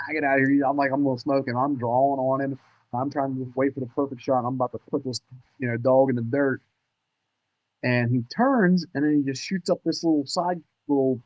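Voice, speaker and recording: A man guesting on a podcast, telling hunting stories in an animated, excitable way with casual cursing. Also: mid-range voice, dry recording, highs cut off. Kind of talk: casual storytelling chat.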